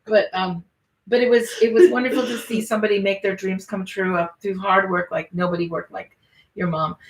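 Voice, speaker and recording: A woman's voice: mid-range voice, fairly even intonation, brisk, a little hiss or hum. Rambling, profane woman comedian host. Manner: rambling, profane, restarts sentences. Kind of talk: casual storytelling chat. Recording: echoey room.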